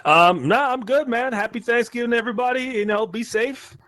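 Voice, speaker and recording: A man co-hosting a casual comedy podcast from a virtual reality space, laid-back and laughing often, trailing off softly. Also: extremely high pitch, fairly quick. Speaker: podcast co-host. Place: virtual reality meetup, recorded remotely.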